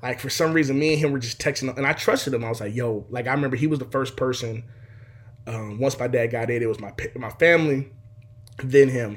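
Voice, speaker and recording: A young man telling a personal story casually, full of fillers, acting out the scenes. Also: medium pitch. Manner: animated, heavy filler words, acts out scenes.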